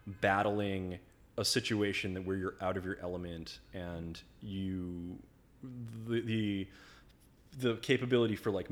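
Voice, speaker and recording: A man telling stories as a guest in a casual conversation, rambling and filling his talk with "like". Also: sits low. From United States. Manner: rambling storyteller, filler-heavy, full of "like".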